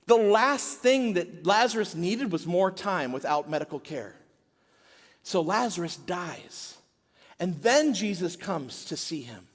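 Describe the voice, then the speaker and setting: Middle-aged male pastor, chatty storytelling sermon delivery, higher register, recorded with a long hall tail. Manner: conversational storytelling preacher. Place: church sanctuary.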